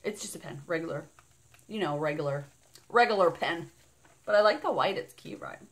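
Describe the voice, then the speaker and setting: A woman's voice: on the low side, lively intonation, moderate pace. A woman vlogging an unboxing in a casual, bubbly and rambling way, gushing over each item. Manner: bubbly and gushing, squealing with delight; rambling and chatty.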